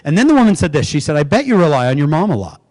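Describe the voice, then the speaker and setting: Man, middle-aged, keynote speaker, storytelling, fairly high voice. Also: very animated, racing, a little mellow. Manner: storytelling, acts out quoted voices, asks the audience questions. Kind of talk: motivational keynote talk. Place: conference venue before an audience.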